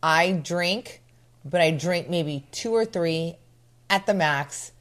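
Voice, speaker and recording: A woman's voice: fairly low pitch, slow, a bit bright. A middle-aged woman co-hosting a casual chat show, talking frankly and teasing with sarcasm. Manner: chatty, sarcastic, talks openly about prices. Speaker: co-host.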